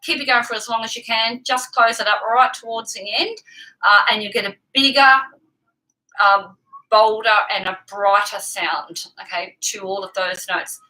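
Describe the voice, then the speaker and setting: A woman singing teacher who explains technique patiently and clearly, breaking off to sing short examples. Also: mid-range voice, moderate pace, pushed and bright, low-quality recording. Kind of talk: vocal lesson with sung demonstrations.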